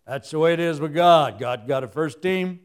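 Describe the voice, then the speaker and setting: A man's voice: on the high side, normal speed, clean tone. A man preaching a humorous sermon, telling stories with sound effects and laughing at his own jokes.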